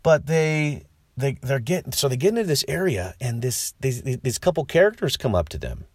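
A man's voice: medium pitch, very animated, normal speed, a little mellow, breathy edge, dry recording. A man giving a casual spoken film review, rambling with many restarts and a wry, skeptical tone.

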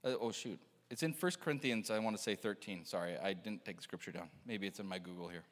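A man preaching an animated sermon, telling stories, acting out quotes and laughing often. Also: fairly low pitch, fast talker, big-room sound. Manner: excitable, laughing, acts out quotes. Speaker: pastor.

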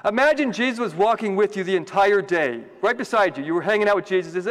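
A man's voice: high-pitched, expressive, quick pace, a bit bright, in a large hall. A man, a priest, giving a homily in a conversational, joking way and asking the congregation questions.

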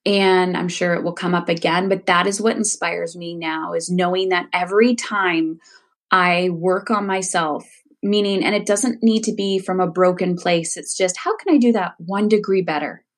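A woman's voice: fairly low pitch, steady tone, moderate pace. A woman in her forties, a coach, speaking candidly and reflectively as an interview guest, laughing easily. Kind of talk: casual interview conversation.

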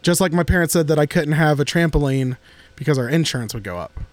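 Podcast co-host, male, slightly high and very animated, joking and restless, dry close mic. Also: quick pace, no echo. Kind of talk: casual chat.

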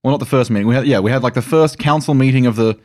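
A man's voice: mid-range voice, racing, a little mellow. A man with an Australian accent co-hosting a comedy podcast, cracking jokes in a casual chat. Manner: wisecracking. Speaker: podcast co-host.

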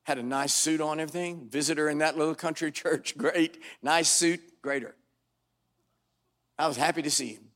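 A man's voice: on the high side, normal speed. Older male pastor telling a wry story. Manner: wry, dramatic storytelling with sudden loud bursts. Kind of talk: storytelling sermon. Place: church sanctuary before a congregation.

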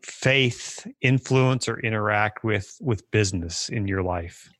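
Slow, calm interview host. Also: medium pitch. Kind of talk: faith-focused interview.

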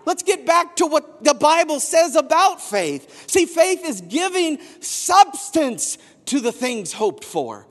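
Pastor, male, high animated delivery, storytelling sermon with shouted peaks, long hall reverb. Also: slow pace, few pauses. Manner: storytelling, building to shouted emphasis.

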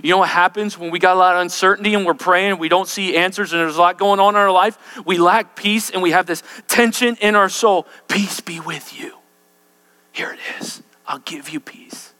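A man preaching a sermon, swinging between loud, intense lines and hushed, quiet ones. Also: sits high.

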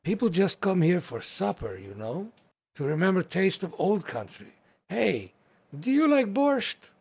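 A man's voice: sits high, big pitch swings, measured pace, creaky, darkish tone, breathy edge, voice pushed up, full character voice. A man voicing a hospitable young orc woman hostess who speaks in clipped, broken phrases. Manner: eager, broken-accented, hospitable.

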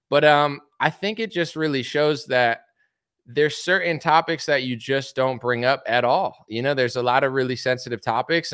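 A man's voice: a little high, fairly bright tone, no room sound, clean studio sound. A man hosting a casual opinion commentary, talking bluntly and asking one rhetorical question after another. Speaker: commentary show host.

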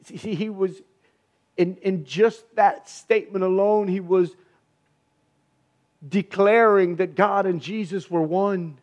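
A man's voice: high-pitched, fairly even intonation, takes it slowly, pauses often, darkish tone, lo-fi sound. A man preaching a sermon in a fervent, emphatic way, repeating phrases for stress.

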